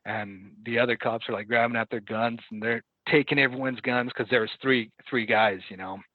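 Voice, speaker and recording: A man telling a story in casual conversation as a podcast guest, halting and correcting himself as he goes, acting out what people said. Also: medium pitch, fairly even intonation, no room sound. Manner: halting, self-correcting retelling with quoted dialogue. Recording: dry, tinny phone-like line.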